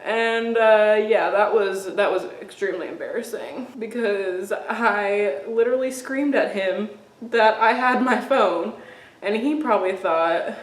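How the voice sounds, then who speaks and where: A woman's voice: mid-range voice, a little slow. A young woman and beauty vlogger, chatting casually and rambling through stories while doing her makeup, often laughing. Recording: roomy echo.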